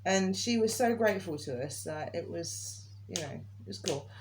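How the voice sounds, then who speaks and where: A woman's voice: fairly low pitch, animated, moderate pace, background noise. A woman vlogger in casual chat, talking and laughing often. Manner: chatty, laughs often, quotes others in raised voice.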